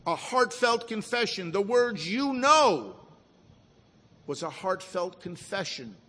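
A high-voiced man delivers a sermon, lingering on key words and dropping his voice low and quiet to stress them. His voice rings with the long reverb of a large hall. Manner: slow, emphatic preaching with dramatic drops to a hush. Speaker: preacher.

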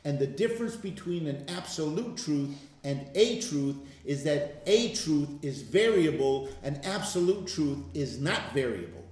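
Emphatic man in an echoey room. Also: on the high side. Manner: animated storyteller, emphatic slow stresses. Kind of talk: casual testimony talk.

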